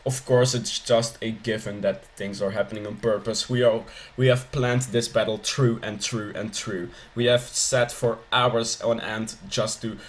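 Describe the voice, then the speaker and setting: A young man commentating a strategy game with mock-serious deadpan humor, hesitating with frequent ums. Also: lowish voice, unhurried, hardly any pauses. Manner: hesitant, lots of ums, dry jokes. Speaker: gameplay commentator.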